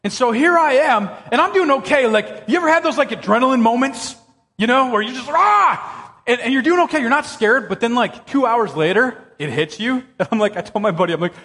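A male pastor with a high voice that swoops all over the place as he tells his story. He is animated and excitable in his telling. His words ring out with a long reverb across a church hall. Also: a little fast. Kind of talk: sermon with personal storytelling.

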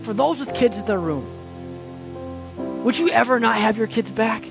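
A man preaching a sermon as pastor, impassioned, swinging between loud pleading and hushed quiet lines. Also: high-pitched, lively intonation, moderate pace, gravelly, over music.

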